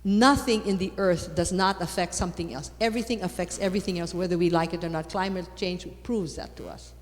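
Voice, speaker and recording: Woman speaker, low-leaning voice, emphatic conference talk in a reverberant hall. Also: brisk. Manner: lively, repeats for emphasis, rising to loud exclamations. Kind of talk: animated talk on faith.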